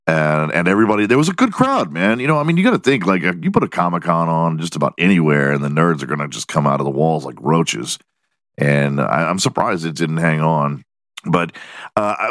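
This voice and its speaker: A man's voice: deep voice, no echo, clean studio sound. A man hosting his own podcast, talking casually in a profane, joking way and laughing at his own jokes. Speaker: podcast host. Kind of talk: casual solo podcast monologue.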